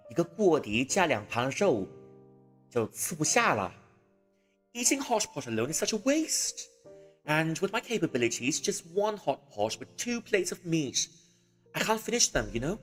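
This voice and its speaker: A man's voice: fairly high pitch, very animated, moderate pace, long reverb tail, soft background music, voice pushed up. A man voicing an eager, clingy young man with a golden retriever temperament, whining and pleading for company. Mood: plaintive. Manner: whiny, wheedling pleading.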